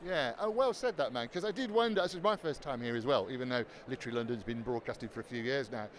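A man's voice: mid-range voice, fast, a little hiss or hum. A man hosting a radio show, interviewing people at a busy fair in a friendly, encouraging way. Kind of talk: roving interview at a trade fair. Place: busy trade fair hall.

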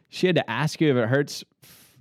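Slow-talking joking young man. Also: mid-range voice, no room sound, studio quality. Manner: joking, laughs often, mock quotes in a raised voice. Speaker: host reacting to a music track. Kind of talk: casual reaction commentary.

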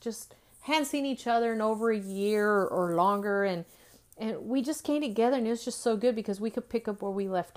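A woman in her forties giving an earnest faith-based motivational talk, repeating phrases and often asking "right?". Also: medium pitch. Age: 40s. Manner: earnest, repetitive, with frequent "right?" tag questions. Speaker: Christian speaker.

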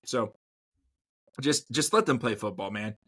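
A man co-hosts a sports podcast in a middle-pitched voice. He talks casually and rambles, repeating words and trailing off before he lands a point. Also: measured pace, pushed and bright, breathy edge. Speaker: podcast co-host.

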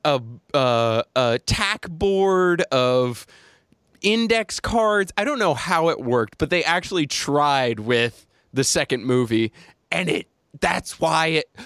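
A man's voice: fairly high pitch, animated, slow, fairly bright tone, clean tone, no echo, clean studio sound. A man hosting a podcast in casual chat, joking, laughing often and acting out little scenes. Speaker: podcast host.

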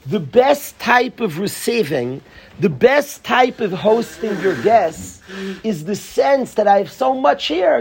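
A man's voice: high voice, big pitch swings, measured pace, vocal fry, breathy edge. A man giving an informal, joking Torah talk to a small group, repeating his key phrases with animation. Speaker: Torah teacher.

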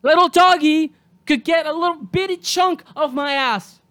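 High-voiced ranting podcast host. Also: moderate pace. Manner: angry, profane ranting with shouted bursts. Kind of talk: solo podcast rant.

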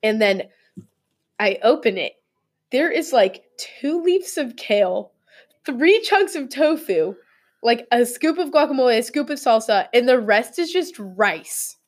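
A young woman in casual podcast chat, telling stories in an animated way and laughing often. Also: on the high side, unhurried.

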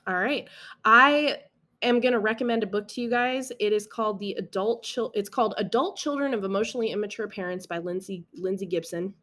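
Woman podcast host, mid pitch, earnest and reassuring, casual solo talk with restarts. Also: fairly quick, fairly bright tone. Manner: earnest, reassuring, many restarts and "right?" asides.

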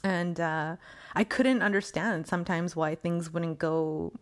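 Woman, podcast host, casual solo talk, rambling, fillers, slightly low voice. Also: steady tone, measured pace. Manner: rambling, frequent laughs and fillers, acts out quoted thoughts.

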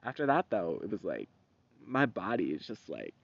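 A young man in his twenties hosting a podcast, talking in a rambling, profane, animated monologue. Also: low-pitched, normal speed, creaky, dry recording. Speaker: podcast host. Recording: dull, dry lo-fi recording.

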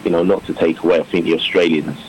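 Deep-voiced man rambling through interview answers. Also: little pitch movement, fast talker, slight background noise, rough recording. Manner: rambling, many fillers and restarts, warm laughter. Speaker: professional cricketer, now coach.

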